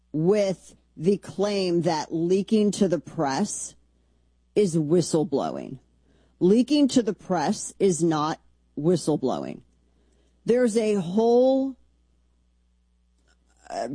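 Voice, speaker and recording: A woman's voice: fairly low pitch, dark tone, breathy edge, dry recording. Blunt, combative woman radio host. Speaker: radio talk show host. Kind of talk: opinionated political talk radio.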